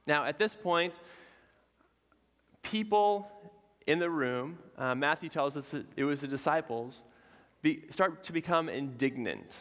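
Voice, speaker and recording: A man delivers a sermon from the pulpit in a loose, conversational style, dropping in fillers and friendly asides. His voice sits a little on the high side for a man. The sound rings with the long reverb of a church sanctuary. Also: measured pace, fairly bright tone. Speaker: pastor.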